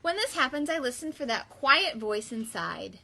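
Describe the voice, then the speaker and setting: A woman's voice: sits high, sing-song, normal speed, vocal fry, sharp tone. A young woman who is both mother and teacher, singing songs and reading a picture book aloud to young children in an upbeat, sing-song way. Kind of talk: kids' song and read-aloud lesson.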